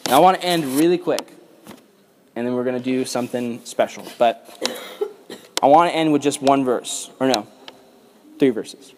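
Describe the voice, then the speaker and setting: A man giving a casual, animated sermon to young people, then leading a prayer. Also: mid-range voice, moderate pace, long pauses, noisy background.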